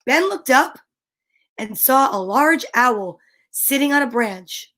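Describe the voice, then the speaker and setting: A woman reading a children's picture book aloud, gentle, with whispered asides. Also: sits high, lively intonation, takes it slowly. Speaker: storyteller.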